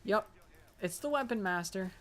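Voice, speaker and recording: A man's voice: high voice, expressive, moderate pace, a bit bright, a little hiss or hum. A young man casually commenting on his own gameplay, rambling and joking to himself as he plays. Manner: rambling, joking self-talk. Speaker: gaming video host. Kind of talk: casual let's-play commentary.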